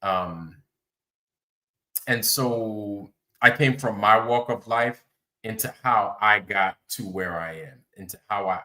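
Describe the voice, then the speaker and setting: Man, livestream host, bright tense voice, rambling casual chat, greets viewers. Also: fairly low pitch.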